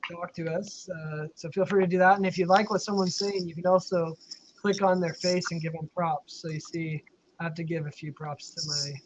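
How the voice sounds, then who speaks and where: A man with a high voice hosts a casual livestream chat over a video call, loose and chatty, laughing easily. The audio is dull and lo-fi, with a faint hiss underneath. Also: steady tone, a little fast. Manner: chatty, laughs often, many fillers. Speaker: live stream host. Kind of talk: casual chat reading viewer questions.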